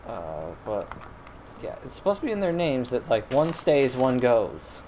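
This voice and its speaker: A man's voice: medium pitch, huge pitch swings, a little slow, background noise. A man streaming a video game, rambling in casual commentary with frequent self-corrections and mild exasperation. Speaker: gaming streamer.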